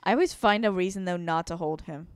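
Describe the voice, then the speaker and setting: A woman's voice: on the low side, fast talker, clear, resonant tone, no room sound, clean studio sound. A woman co-hosting a casual podcast chat, anxious and self-deprecating, laughing as she talks. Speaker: podcast co-host.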